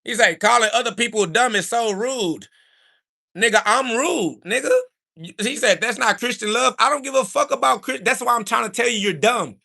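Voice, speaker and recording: Aave-speaking guy on a livestream, high-pitched, preachy and insulting, repeats himself a lot. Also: brisk, creaky, few pauses. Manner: rises to shouting when heated. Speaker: livestream host answering chat. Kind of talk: combative livestream monologue.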